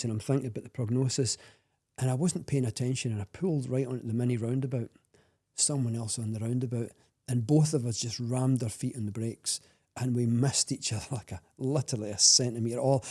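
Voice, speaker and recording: A Scottish man telling a personal story as a podcast guest, earnest and halting, with many restarts. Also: medium pitch, warm tone.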